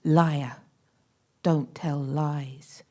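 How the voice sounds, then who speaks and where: A woman reading the lines of an aggressive, bullying male security guard who shouts accusations. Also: fairly high pitch, fairly even intonation, extremely slow. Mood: accusing.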